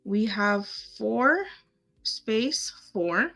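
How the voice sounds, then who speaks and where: A woman hosts a casual live craft lesson, thinking aloud and chatting with her viewers as she goes. Her voice is bright and her pace is unhurried. Faint music plays behind her. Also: on the high side, expressive, creaky. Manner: chatty, talks to herself and viewers while clicking. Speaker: craft tutorial host. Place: home setup, live stream.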